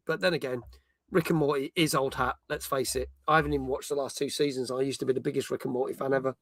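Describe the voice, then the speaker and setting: A man's voice: on the high side, fast talker, pushed and bright, dry recording, studio quality. A middle-aged man hosting a casual gaming chat, reading out viewer comments and swearing freely. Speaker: host.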